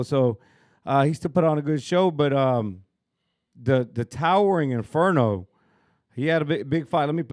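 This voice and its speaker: Brief: easygoing thirties male podcast host, joking and relaxed, dry close mic. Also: mid-range voice, no echo. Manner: easygoing, joking, laughs often. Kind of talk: casual chat. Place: rooftop outdoors in downtown Dallas.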